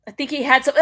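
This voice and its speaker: High bright profane woman host ranting. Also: slight background noise. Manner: profane, ranting, laughs often. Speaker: wrestling show host. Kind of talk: casual livestream commentary.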